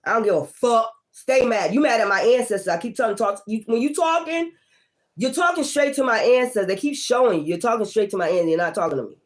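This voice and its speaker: A woman giving a casual tarot reading, blunt, profane and confrontational, moving between loud outbursts and low muttering. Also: lively intonation, fast. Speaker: tarot reader.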